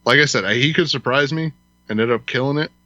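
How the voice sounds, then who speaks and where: A man hosting a podcast talks in an emphatic, opinionated way in a bright, forceful voice. The recording is dry and slightly dull. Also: mid-range voice, fast, no echo. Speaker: podcast host. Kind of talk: casual podcast chat.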